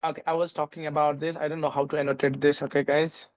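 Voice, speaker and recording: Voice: medium pitch, flat delivery, fast talker, highs cut off. A teacher giving an online English pronunciation lesson, spelling out words letter by letter with many fillers and restarts. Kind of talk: online lecture.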